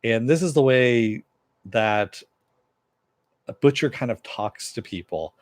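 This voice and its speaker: A man's voice: mid-range voice, animated, slow, dry recording. A man giving a casual, rambling recap of a TV episode, full of fillers and asides to viewer chat. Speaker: TV show reviewer.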